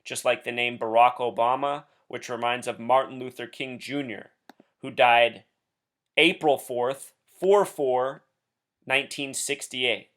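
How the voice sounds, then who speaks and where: A man of ordinary pitch delivers a solo commentary straight to his viewers. He speaks intensely and with emphasis, leaning on each point as he goes. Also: fairly even intonation, measured pace, a bit bright. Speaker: blogger and video host.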